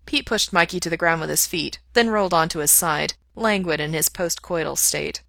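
A woman reading a story aloud in a steady, even voice. Her pitch sits a bit low, but her tone is bright and crisp. The recording is close and dry. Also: moderate pace, few pauses, dry recording. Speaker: audiobook reader. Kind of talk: fan fiction read aloud.

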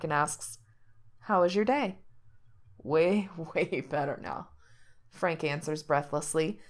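Woman narrating a story, low voice. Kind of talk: read-aloud fiction narration.

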